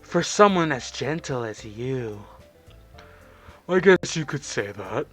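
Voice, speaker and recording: A man voicing a shy, bookish young woman while reading a visual novel aloud, keeping his delivery low and hushed. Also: lively intonation, takes it slowly, soft background music. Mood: earnest.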